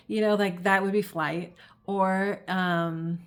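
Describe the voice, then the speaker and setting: A woman's voice: mid-range voice, fairly even intonation, takes it slowly. A woman hosting an astrology and tarot channel, explaining in a casual, chatty way, full of fillers and acted-out quotes. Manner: chatty, many fillers, acts out quoted voices. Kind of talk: casual explanatory talk to camera.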